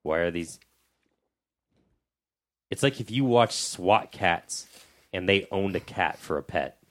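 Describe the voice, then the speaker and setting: A man's voice: low-pitched, lively intonation, slow pace, a bit bright. A man chatting casually as a podcast co-host, dry and wry, with trailing restarts. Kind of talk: casual chat.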